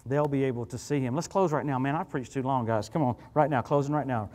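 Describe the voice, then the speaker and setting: A middle-aged man preaching as a guest minister, telling stories in an animated, conversational way. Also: mid-range voice, fast talker. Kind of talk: sermon. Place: church sanctuary. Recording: church hall reverb.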